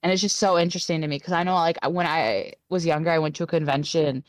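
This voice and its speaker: A woman's voice: deep voice, fast talker, no room sound. Chatty giggling woman, Wisconsin accent. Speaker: podcast co-host. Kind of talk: casual chat.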